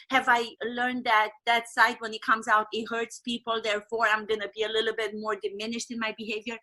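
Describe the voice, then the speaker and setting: A woman's voice: a little high, pushed and bright. A woman hosting an interview as an acting coach, speaking earnestly and reflectively. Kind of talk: interview conversation.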